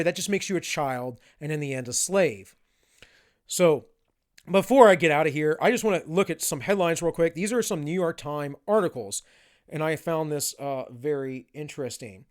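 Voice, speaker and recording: Southern guy ranting his opinions, bit high pitched, blunt. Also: clean tone. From Southern United States. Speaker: political commentator. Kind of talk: opinionated solo commentary.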